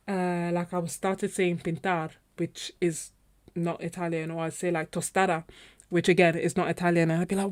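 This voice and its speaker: A woman with a slightly low-pitched voice hosts a painting livestream from her home studio. She chats casually with her viewers, wanders from thought to thought, and often trails off while she hunts for a name. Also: darkish tone. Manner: chatty and meandering, often trailing off and searching for names. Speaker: artist hosting a painting livestream.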